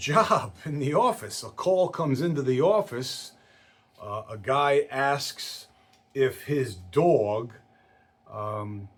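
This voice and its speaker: A man telling a story from his work in insurance in a casual way, acting out the people in it with lively voices. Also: mid-range voice, husky. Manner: animated storyteller who acts out quoted voices.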